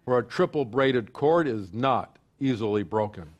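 A man's voice: mid-range voice, animated, moderate pace, lo-fi sound. Man preaching a rousing sermon. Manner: swings from rousing declarations to quiet storytelling. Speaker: pastor.

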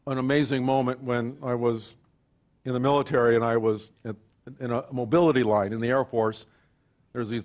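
A middle-aged male pastor preaching a sermon, moving between rousing declarations and quiet storytelling. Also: mid-range voice.

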